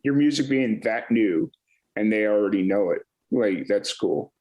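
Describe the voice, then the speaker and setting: A man's voice: fairly low pitch, animated, moderate pace, darkish tone, highs cut off. A male podcast host asking casual questions and giving short affirmations. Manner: brief affirming backchannels. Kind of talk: casual interview chat.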